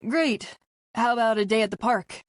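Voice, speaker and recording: A woman voicing a confident, charming young man in a calm, even delivery, in a storybook reading. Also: on the high side, normal speed, close to an everyday voice. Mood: friendly.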